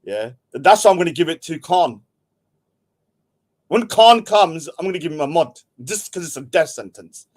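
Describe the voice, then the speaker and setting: A man's voice: a little high, animated, normal speed. A middle-aged man, casually rambling and joking while he hosts a livestream and reads out chat. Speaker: livestream host.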